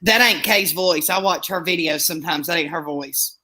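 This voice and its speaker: A woman's voice: fairly low pitch, moderate pace. A woman co-hosting a casual livestream, reacting to callers and reading the chat aloud. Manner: animated, reads chat aloud. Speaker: livestream co-host.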